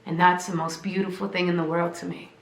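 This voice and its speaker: A woman's voice: fairly low pitch, flat delivery, fairly quick, echoey room. A woman hosting a spiritual podcast, speaking with emotion and a shaking voice, repeating phrases like a preacher. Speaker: podcast host and spiritual teacher. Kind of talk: heartfelt podcast monologue.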